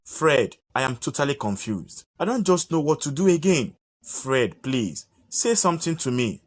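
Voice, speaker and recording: A man's voice: mid-range voice, very animated, moderate pace, soft background music, close to an everyday voice. A man voicing a deceitful young lover in a cartoon, begging forgiveness. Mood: pleading. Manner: pleading, begging. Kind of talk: cartoon voice acting.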